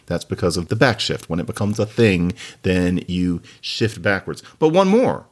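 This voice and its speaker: A man hosting a solo podcast in a chatty, wry, digressive way, with playful asides and sudden jumps up in pitch when he stresses a point. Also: moderate pace, few pauses. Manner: lively, with big jumps up in pitch on emphasis. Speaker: podcast host.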